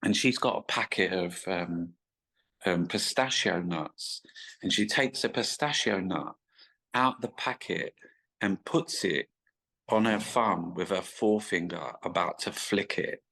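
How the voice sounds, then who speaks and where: A man with a low-pitched voice, talking as a guest in a casual interview. He spins long, rambling stories, full of swearing and restarts. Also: measured pace, vocal fry, bright, forceful tone, low-quality recording. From England. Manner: rambling, sweary, stop-start anecdotes. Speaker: guest artist.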